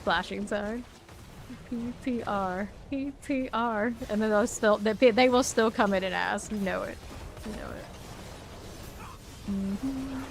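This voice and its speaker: A woman's voice: mid-range voice, unhurried, soft background music. Chatty woman streaming a game. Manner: chatty, rambling, laughs often. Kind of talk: live gameplay commentary.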